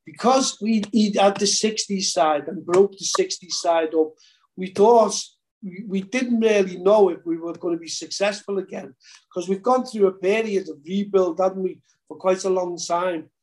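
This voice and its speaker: A man's voice: sits high, moderate pace, darkish tone. An older man, chatting as a podcast co-host, rambling and repeating words. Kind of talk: casual chat.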